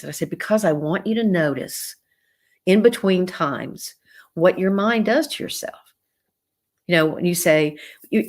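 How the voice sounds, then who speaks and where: A middle-aged woman with a Southern American accent talks as a psychologist answering viewer questions. Her voice sits low. She retells a client's story and explains ideas in a conversational way. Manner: warm conversational advice with retold dialogue. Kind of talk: live-stream Q&A.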